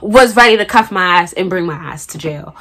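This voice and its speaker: A woman's voice: lowish voice, expressive, a little fast, a bit bright. A young adult woman from the Boston area, telling a story on her vlog in a casual, slangy and profane way. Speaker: vlogger.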